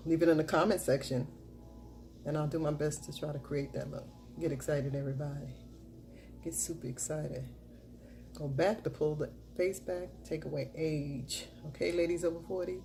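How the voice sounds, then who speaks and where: Middle-aged woman vlogger, deep mellow voice, chatty and upbeat, recorded on a camera mic with faint hiss. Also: steady tone, normal speed, vocal fry. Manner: chatty, repeats catchphrases and cheers herself on. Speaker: makeup vlogger. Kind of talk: casual makeup tutorial chat.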